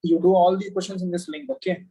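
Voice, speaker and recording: A male physics teacher giving an oral exam over a video call. He is patient and repeats his questions slowly. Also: high voice, fairly even intonation, dark tone, husky, rough recording.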